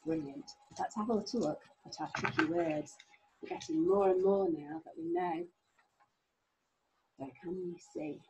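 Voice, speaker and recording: A woman teaching a recorded phonics lesson to young children, sounding out words slowly in a sing-song way. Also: lowish voice, darkish tone, dull audio, a little hiss or hum. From England. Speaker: reception class teacher.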